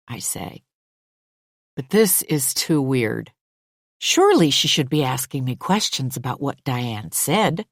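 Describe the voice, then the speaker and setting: Audiobook narrator: a woman, slow and controlled, lively intonation, dry close mic. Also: very deep voice, no room sound. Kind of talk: first-person thriller narration.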